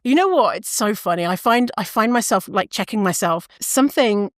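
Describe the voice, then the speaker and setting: A woman's voice: mid-range voice, animated, moderate pace, no room sound. Woman chatting on her podcast, goes off on tangents, dry close sound. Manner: rambling, tangents, self-interrupting, swears. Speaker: podcast host. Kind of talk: casual solo podcast monologue.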